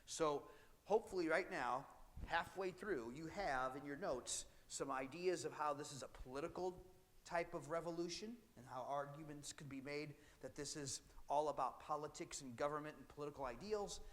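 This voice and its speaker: A man teaches history to a class in a casual, conversational manner, slipping into little voices for the people he quotes. His voice sits a bit high for a man. The sound trails off in the long reverb of a big hall. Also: normal speed, fairly bright tone. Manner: conversational, acts out British and colonist voices. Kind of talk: classroom lecture.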